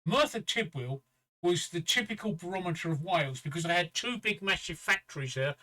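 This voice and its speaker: Older English man, co-host, high bright voice, spins a rough pub yarn. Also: expressive, brisk, low-quality recording. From England. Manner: chatty storyteller, swears freely, acts out quoted voices. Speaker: livestream co-host. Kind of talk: casual chat, telling an anecdote.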